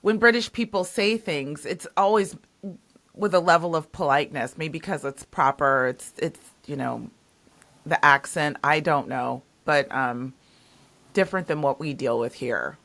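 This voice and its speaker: A low-pitched woman hosting a relaxed interview. She speaks thoughtfully, pausing and working through her ideas with fillers. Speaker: podcast host. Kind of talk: casual interview.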